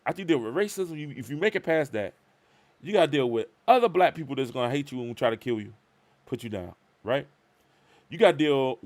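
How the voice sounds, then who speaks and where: Guy w/ hosting a live stream, kinda high voice, swings way up and down telling his story. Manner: animated, acts out both sides of conversations. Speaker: show host.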